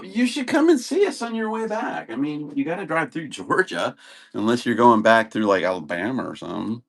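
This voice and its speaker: A man's voice: medium pitch, fairly bright tone. A man selling old videotapes on a live stream, chatting casually and rambling with many fillers. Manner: rambling, chatty, says "and stuff" often. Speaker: live auction seller.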